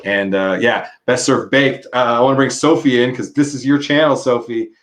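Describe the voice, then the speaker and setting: A man's voice: mid-range voice, normal speed, poor audio. A man hosting a podcast, upbeat and grateful, thanking his guest. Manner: enthusiastic, grateful. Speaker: podcast host. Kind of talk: casual interview chat.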